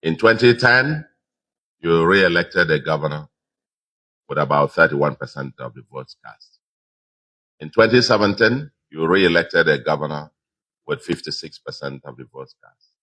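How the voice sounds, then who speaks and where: Nigerian guy giving a speech to supporters, really low voice but bright and forceful, repeats stuff for emphasis. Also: lively intonation, poor audio. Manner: measured, repeats phrases for emphasis. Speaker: governor giving a victory speech. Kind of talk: public address to supporters.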